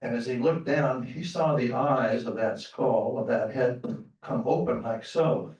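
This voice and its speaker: A man telling a folktale live on a theater stage, lively and questioning the audience. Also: mid-range voice, unhurried, a little hiss or hum. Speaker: storyteller. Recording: roomy theater sound from far off.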